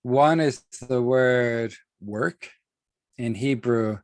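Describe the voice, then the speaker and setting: A man teaching an online class on a video call, deliberate, often repeating and restarting words and stressing key terms slowly. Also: mid-range voice, creaky, no echo. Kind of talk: online lecture with screen sharing.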